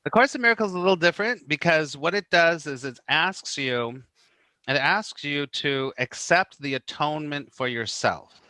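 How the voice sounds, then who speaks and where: Brisk, bright-voiced middle-aged man storyteller. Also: a little high, no room sound. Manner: animated storyteller, acts out quoted voices, many "you know"s. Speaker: guest, spiritual teacher. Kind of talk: casual podcast conversation.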